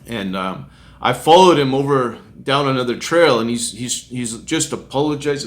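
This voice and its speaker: Chuckling middle-aged street minister. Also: male voice, medium pitch, lively intonation, moderate pace. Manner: chuckles often while recounting, acts out quoted voices. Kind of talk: storytelling testimony.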